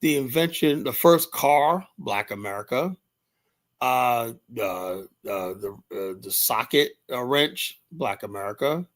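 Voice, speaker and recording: A man's voice: mid-range voice, expressive, slow, a bit bright. A man hosting a casual live stream, talking off the cuff in a loose, rambling way. He addresses viewers by name and breaks into laughter as he goes. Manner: rambling, laughs often, talks to chat by name.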